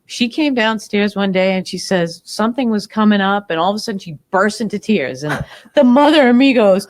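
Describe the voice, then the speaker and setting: A woman from the audience telling an animated personal story, acting out what was said. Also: on the high side, normal speed. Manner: animated, acts out quotes. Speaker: audience member. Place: community meeting room.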